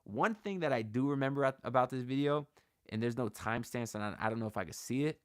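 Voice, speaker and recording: A man chatting casually on his sports livestream, slangy and excitable, sometimes trailing off as he checks his screen. He is recorded dry and close on a shotgun mic, at a middle pitch. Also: fast talker, clear, resonant tone, dry recording. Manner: loose, slangy, hyped, talks to chat. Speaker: host of a sports channel livestream. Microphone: shotgun mic on camera.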